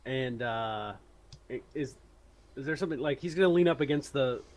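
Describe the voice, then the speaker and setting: A man's voice: medium pitch, moderate pace, darkish tone. A man playing a tabletop game, thinking aloud hesitantly with many fillers as he describes his character's actions. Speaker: player. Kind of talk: casual gameplay chat.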